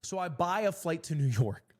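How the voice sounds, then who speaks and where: Sex: man. Role: streamer. Style: casual animated storytelling. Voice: somewhat high. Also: moderate pace.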